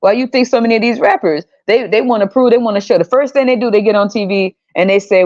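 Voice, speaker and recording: A woman podcast host talks in a blunt, profane rant at a middle pitch. She jumps into shrill, exasperated outbursts. The recording sounds slightly dull and lo-fi. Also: quick pace, hardly any pauses, a little mellow. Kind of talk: opinionated rant.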